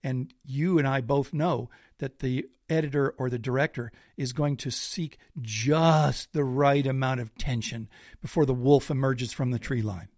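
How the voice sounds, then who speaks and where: A man who is a guest on a podcast, telling a personal anecdote in a lively, self-deprecating way. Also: mid-range voice, normal speed, dry recording, studio quality. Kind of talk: casual storytelling.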